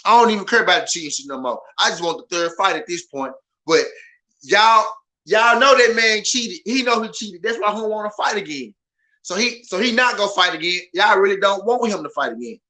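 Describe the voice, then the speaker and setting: Loud, ranting man with a bright, high voice. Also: animated, a little fast. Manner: loud, passionate, profane, repetitive. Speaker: boxing podcast host. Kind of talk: animated ranting commentary.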